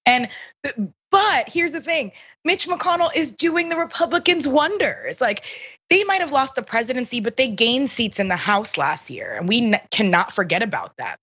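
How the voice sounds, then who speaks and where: A woman guest commentator in a casual political chat, speaking in an animated, emphatic way. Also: fairly high pitch, moderate pace, husky, muffled recording.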